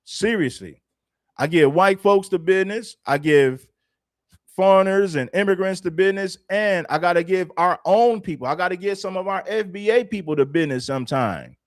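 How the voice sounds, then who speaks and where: A man's voice: high voice, moderate pace, no echo, clean studio sound. A man casually commenting on a livestream, plain-spoken and repeating points for emphasis. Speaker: streamer host.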